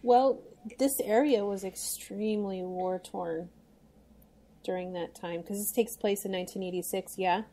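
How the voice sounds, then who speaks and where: A woman's voice: medium pitch, fairly even intonation, measured pace, mellow. A woman talking frankly and wryly on a casual book podcast, often laughing between words. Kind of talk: casual book-club chat.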